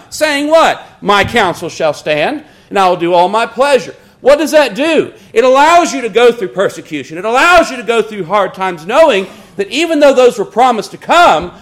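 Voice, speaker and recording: A middle-aged man preaching a sermon, earnestly quoting scripture and slowing down on key words. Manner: wry storytelling asides in a lower, quieter voice.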